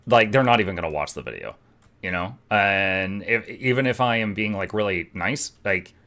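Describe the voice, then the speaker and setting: A man explaining his views as a content creator, talking quickly with many fillers. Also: on the low side, animated, sharp tone, no echo. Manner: fast, explanatory, filler-heavy. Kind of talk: clip played on stream.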